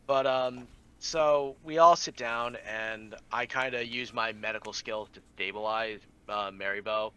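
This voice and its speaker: A man recapping a tabletop game session as a player, halting, with many ums and restarts. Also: fairly low pitch, fairly even intonation, pushed and bright, clear, resonant tone, rough recording.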